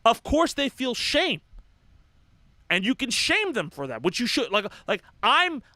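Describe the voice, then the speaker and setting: A man's voice: extremely high pitch, wildly swooping pitch, measured pace, bright, forceful tone, dry recording. A young man hosting a casual livestream, talking in an impassioned, profane, rambling way with many restarts. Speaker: livestream host.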